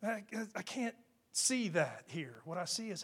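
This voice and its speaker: A man with a notably high voice preaches a sermon into a microphone. He keeps it conversational and emphatic, checking in with his listeners with quick questions as he goes. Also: very animated, a bit bright, slightly rough. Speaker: pastor.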